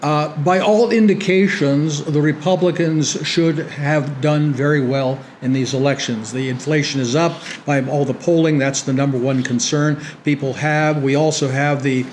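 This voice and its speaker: A man's voice: a little high, steady tone, normal speed, few pauses, a little mellow, slight background noise. A middle-aged American man giving a lecture to an audience, ironic and dry, often restarting his sentences. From United States. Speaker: guest speaker. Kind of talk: public lecture with banter.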